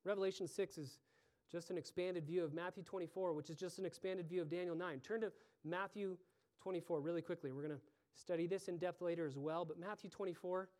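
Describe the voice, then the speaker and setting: A man's voice: high voice, fairly even intonation, fairly quick, a little mellow. A man preaching an earnest sermon as pastor, building to pleading emphasis.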